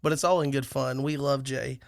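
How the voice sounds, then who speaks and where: A man's voice: medium pitch, fairly even intonation, a little fast, gravelly, no echo, studio quality. A man co-hosting a podcast, chatting casually, joking and rambling with restarts. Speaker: podcast co-host. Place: lives in Alabama.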